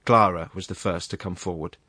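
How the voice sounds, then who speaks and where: A male narrator reads a classic tale in a measured, grave manner. His voice sits very low. The recording is dry and close. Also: steady tone, sharp tone, dry recording. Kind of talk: scripted narration of a classic story.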